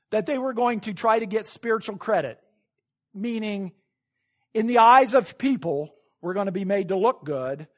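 A male pastor preaching a sermon in a church, retelling a story with sudden loud peaks, hushed asides and laughs at his own points. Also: sits high.

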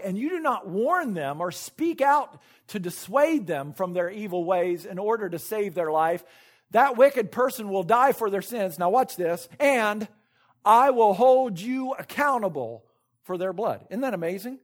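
A middle-aged man preaching a sermon from a church pulpit, earnest, pushing hard on scripture readings and dropping quieter for personal asides. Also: high-pitched. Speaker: pastor.

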